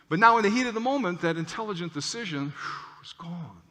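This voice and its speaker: Forceful man lecturing in a hall. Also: high voice, a little fast, few pauses. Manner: animated, checks in with "okay?". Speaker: clinician lecturing on stress. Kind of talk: lecture with storytelling. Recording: long hall reverb.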